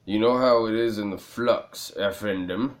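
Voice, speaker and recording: A man doing a hushed, grave Turkish informant. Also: lightly acted. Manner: low, hushed and slow.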